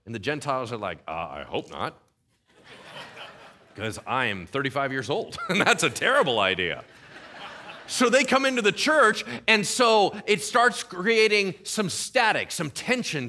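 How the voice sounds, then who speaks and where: Lively, bright-voiced male pastor preaching. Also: on the high side. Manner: animated, acts out quoted voices. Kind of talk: sermon.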